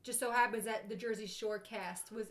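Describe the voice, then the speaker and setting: A woman's voice: mid-range voice, steady tone, moderate pace, fairly bright tone, reverberant. Chatty woman telling bar stories. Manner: chatty storyteller. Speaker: bartender guest. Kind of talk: casual podcast chat.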